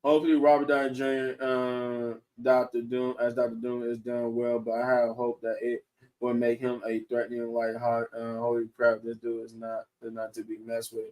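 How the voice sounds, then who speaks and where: A man hosting a podcast in casual chat, excitable and laughing often, restarting his sentences as he talks. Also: mid-range voice, moderate pace, recorded from a distance. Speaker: podcast host. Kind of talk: casual chat reviewing shows and movies.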